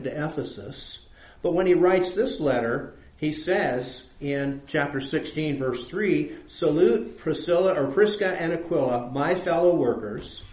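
A man's voice: fairly high pitch, darkish tone, roomy sound. A man teaching a Bible study class, reading verses aloud and asking his listeners questions.

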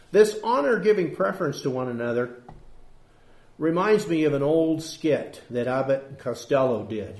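A man's voice: medium pitch, echoey room. A male pastor giving a conversational sermon, acting out the voices he quotes. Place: church building.

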